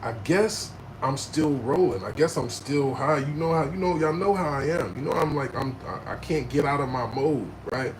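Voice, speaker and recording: A man telling a story in animated, slangy street talk, jumping into loud, high bursts when he acts out quotes. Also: moderate pace, few pauses, noisy background. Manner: profane, slangy.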